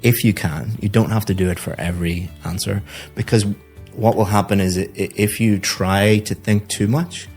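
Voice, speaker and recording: Deep-voiced man giving test feedback. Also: moderate pace, faint music behind. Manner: calm, methodical, repeats words when thinking. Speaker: IELTS teacher giving feedback. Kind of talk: speaking test feedback and course promo.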